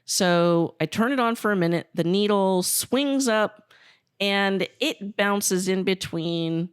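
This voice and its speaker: A woman co-hosting a casual podcast, her voice sitting mid-range and recorded close and dry. She tells stories in an animated way and swears without a second thought. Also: mid-range voice, slow pace, clear, resonant tone, dry recording. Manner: animated storyteller, swears freely. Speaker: podcast co-host. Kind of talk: casual storytelling chat.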